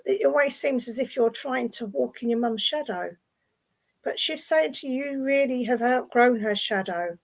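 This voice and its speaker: A woman with an English accent giving a clairvoyant message at a spiritualist service, gently reassuring and often repeating her phrases. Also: fairly high pitch, creaky, rough recording. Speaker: medium. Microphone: online video stream.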